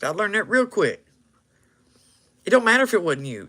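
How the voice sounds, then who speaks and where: A man's voice: on the high side, very animated, moderate pace, long pauses, sharp tone. A man casually telling a story, laughing often and acting out what people said.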